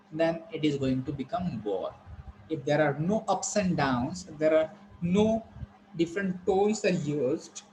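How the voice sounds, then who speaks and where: Brief: a man playing an lecturer, higher voice, unhurried, repeats points, faint background noise. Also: a little mellow, rough recording. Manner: slow, repetitive explaining with frequent pauses. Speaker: teacher. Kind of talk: online classroom lecture.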